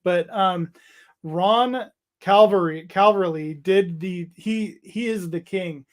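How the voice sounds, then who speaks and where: A man hosting a casual hobby livestream, chatting loosely, reading out viewer comments and trailing off into restarts. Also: high-pitched. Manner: rambling, halting, reads out chat messages. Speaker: livestream host.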